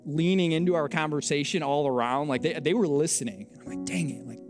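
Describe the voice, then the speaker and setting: A young adult man, a pastor, telling a story in a sermon with animated, self-mocking delivery and acted-out dialogue. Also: fairly high pitch, fairly quick, over music.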